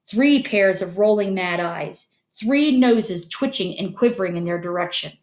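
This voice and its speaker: A woman's voice: mid-range voice, unhurried, reverberant. Woman reading an audiobook. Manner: steady storytelling, many character voices. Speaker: audiobook narrator. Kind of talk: scripted narration.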